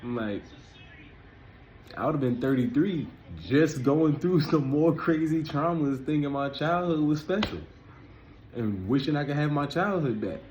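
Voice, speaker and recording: This thirties-aged spiritual vlogger speaks at a measured pace in a fairly high, expressive, slightly mellow voice, keeping things loose and conversational while repeatedly asking "you feel me." The recording is muffled, with a little hiss or hum.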